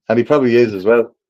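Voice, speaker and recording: A man's voice: medium pitch, darkish tone, muffled recording. An Irish man bantering on a casual podcast, teasing and laughing often.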